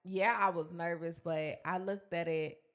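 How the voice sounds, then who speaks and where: A woman's voice: lowish voice, steady tone, a little slow. A woman co-hosting a podcast in a blunt, outspoken casual chat full of slang.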